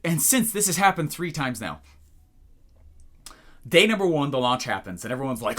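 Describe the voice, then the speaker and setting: A young man gives an energetic talking-head business lesson, his voice on the high side at a normal speed, pausing often. He's an animated storyteller who acts out the phone calls in his stories as he goes.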